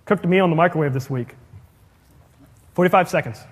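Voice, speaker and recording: A high-pitched man preaches in a chatty, joking way, often asking his congregation questions. His voice rings with a long reverb, as in a church sanctuary. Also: breathy edge. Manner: conversational, asks the congregation questions, quick jokey asides. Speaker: pastor. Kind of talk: sermon.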